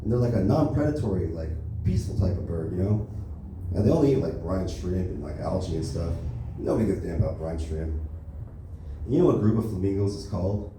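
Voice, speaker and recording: A young man doing a stand-up set at an open mic, delivering deadpan one-liners with lots of filler words. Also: sits low, quick pace. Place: comedy club stage. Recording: echoey club, distant mic, faint noise.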